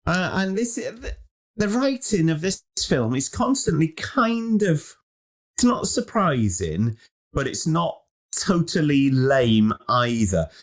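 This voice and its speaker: A man's voice: a little high, slow pace. A man co-hosting a podcast, chatting casually and jokily about a film, retelling its scenes. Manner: chatty, jokey, animated retelling. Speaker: podcast co-host. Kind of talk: casual film review chat.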